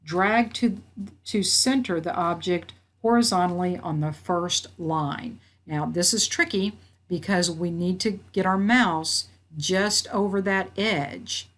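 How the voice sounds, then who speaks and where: A woman instructor walking through a software tutorial, reading out each step and checking her work as she goes. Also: on the low side, takes it slowly. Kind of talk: screen-recorded software tutorial. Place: at a computer.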